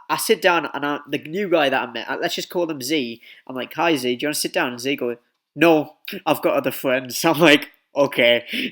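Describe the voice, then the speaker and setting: A young man tells a story in a loose, rambling way, packed with swearing and fillers. His voice is bright and of middling pitch. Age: young adult. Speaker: vlogger. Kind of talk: casual storytelling.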